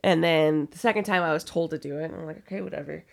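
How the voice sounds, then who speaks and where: Gravelly-voiced young woman, blunt storyteller. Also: deep voice, fast. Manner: blunt, swears freely, storytelling. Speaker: podcast co-host. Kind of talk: casual chat.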